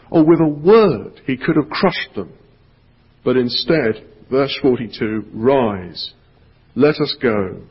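A male pastor giving an earnest sermon, reading a storybook aloud and dropping to a hushed voice for emphasis. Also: mid-range voice, breathy edge. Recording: echoey hall, dull lo-fi sound.

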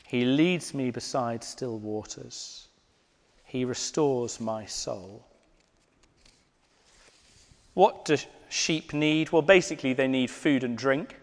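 A man preaching a sermon in a church, slow and deliberate, dropping to hushed, near-whispered emphasis. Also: mid-range voice. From Britain. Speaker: pastor. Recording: long reverb of a church hall.

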